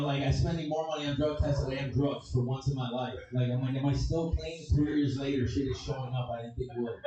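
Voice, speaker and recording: Crude rambling stand-up comic. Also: male voice, medium pitch, very echoey, recorded from a distance, muffled recording. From Chicago. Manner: crude, rambling, swears constantly. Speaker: stand-up comedian. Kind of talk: stand-up comedy set. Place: comedy club stage.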